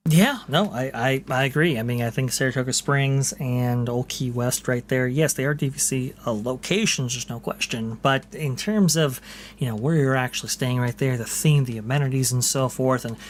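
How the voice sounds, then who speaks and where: A man's voice: mid-range voice, moderate pace, a little hiss or hum. A man hosting a casual podcast, reading posts aloud and chatting with lots of fillers. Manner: chatty, many fillers, repeats "right here". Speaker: podcast host.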